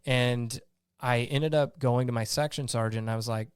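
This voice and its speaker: Man, army veteran, interview guest, blunt storyteller, acts out old conversations, clear smooth voice, dry close sound. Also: medium pitch, moderate pace, no room sound. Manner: animated storyteller who acts out his own past lines; blunt, salty.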